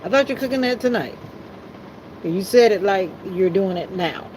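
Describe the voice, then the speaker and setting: A woman's voice: medium pitch, expressive, moderate pace, low-quality recording. A woman from South Florida hosting a casual livestream, chatting and reading viewer comments aloud. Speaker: livestream host. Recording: loud background hum of air conditioning and engine.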